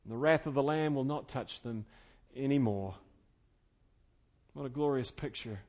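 A man preaching an expository sermon, earnest and conversational, swinging between loud fervent emphasis and quiet intimate tones. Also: medium pitch, unhurried. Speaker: pastor.

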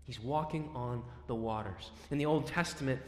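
A man preaching a sermon, telling the story dramatically with sudden swings between loud and soft. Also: mid-range voice, normal speed. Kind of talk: expository sermon. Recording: echoey hall with long reverb.

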